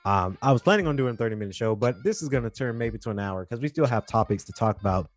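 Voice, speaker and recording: A man's voice: mid-range voice, expressive, quick pace, faint music behind. Rambling, earnest young male podcast host. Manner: rambling and earnest, with repeated restarts. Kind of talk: casual podcast monologue.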